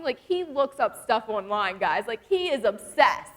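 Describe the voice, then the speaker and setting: A woman's voice: on the high side, measured pace. Chatty young woman in a reverberant hall. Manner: chatty and animated, acts out quoted voices. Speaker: youth speaker. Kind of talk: casual devotional talk to a youth group. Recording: long reverb from a large hall.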